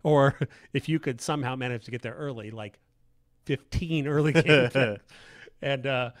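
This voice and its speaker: Chatty game designer, dry close sound. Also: male voice, medium pitch, normal speed, no echo. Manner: rambling, enthusiastic, many restarts and fillers. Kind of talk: casual livestream chat.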